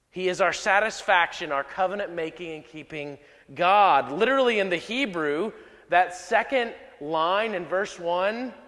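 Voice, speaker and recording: A male pastor preaching a sermon, measured and emphatic, repeating key lines slowly. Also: sits high, fairly bright tone. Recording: long hall reverb.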